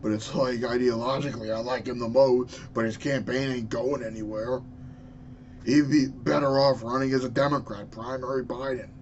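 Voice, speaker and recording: A man's voice: medium pitch, steady tone, normal speed, lo-fi sound, slight background noise. A man in his twenties ranting angrily and profanely about politics into his webcam. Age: 20s. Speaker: vlogger. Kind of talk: political rant.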